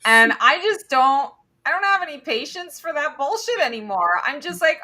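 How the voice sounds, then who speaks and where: A woman co-hosting a livestream as a tarot reader, chatting casually in a blunt, animated way over a video call. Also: high-pitched, normal speed, hardly any pauses. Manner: blunt, animated, swears freely.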